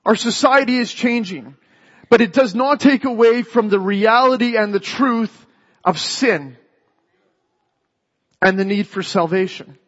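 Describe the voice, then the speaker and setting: A man's voice: high-pitched, moderate pace, fairly bright tone. A Canadian man giving a sermon in a church, telling a story and often restarting phrases. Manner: storytelling, repeats words when starting a phrase. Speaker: lay preacher. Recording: dull echoey hall sound.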